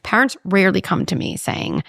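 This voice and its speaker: A woman talking as a parenting psychologist in an interview, animated and explaining with vivid examples. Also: medium pitch, brisk, creaky, no echo, clean studio sound. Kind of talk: conversational interview.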